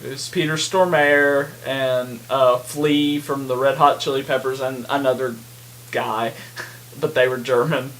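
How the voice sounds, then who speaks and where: A man's voice: medium pitch, steady tone, a little slow, fairly bright tone. A man co-hosting a podcast, chatting casually about a film, rambling with many fillers and laughs. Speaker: podcast co-host. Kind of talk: casual movie chat.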